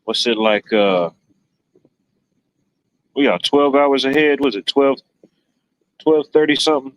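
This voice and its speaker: A man's voice: mid-range voice, measured pace, poor audio. A man hosting a livestream, chatting casually, rambling and joking with viewers. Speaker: livestream host. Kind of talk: casual chat reading viewer comments.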